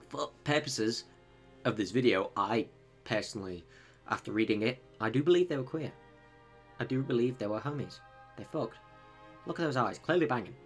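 A man hosting a video, narrating history with jokey, sarcastic asides. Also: medium pitch. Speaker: video host. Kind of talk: comedic educational narration.

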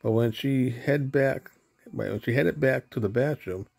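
A man narrating a children's storybook aloud in a steady, plain way. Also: mid-range voice, a little slow, creaky, slightly rough.

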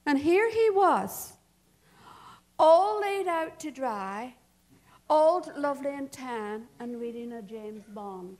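A woman's voice: sits high, lively intonation, slow pace, darkish tone. An older woman telling a family story at a church service, chatty and often laughing. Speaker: church speaker. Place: church hall.

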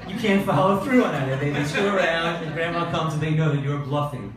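A middle-aged man doing open-mic stand-up comedy with a deadpan, exasperated observational delivery. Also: a little high, fairly quick, hardly any pauses, crowd noise. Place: comedy club stage. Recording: echoey club recording from a distance. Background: audience laughter.

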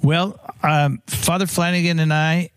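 A priest with a fairly high, fairly even voice tells long, rambling anecdotes in answer to interview questions, speaking a little slowly. He restarts often and fills gaps with fillers. The recording is clean, with no room sound.

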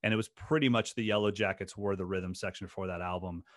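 Man, podcast guest, low voice, earnest storytelling, dry close sound. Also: fairly even intonation, fast, no room sound. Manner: earnest, passionate, rambling with restarts. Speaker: guest drum educator. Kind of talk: casual podcast interview storytelling.

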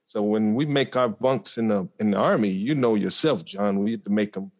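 A man speaking as a podcast guest, telling a personal story in an earnest, reflective way with frequent pauses and fillers. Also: on the low side, darkish tone, dull audio. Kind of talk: conversational storytelling.

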